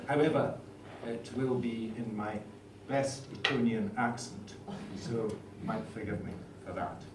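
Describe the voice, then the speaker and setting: A man's voice: lowish voice, unhurried. Man giving a dry after-dinner speech. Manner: dry, self-deprecating. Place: dinner hall. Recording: roomy hall, far mic, noisy.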